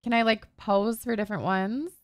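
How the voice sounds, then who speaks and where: A woman's voice: medium pitch, fairly even intonation, normal speed, no room sound, studio quality. A young woman giving casual, gushing gameplay commentary, peppered with "like" and casual swearing. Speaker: gaming streamer.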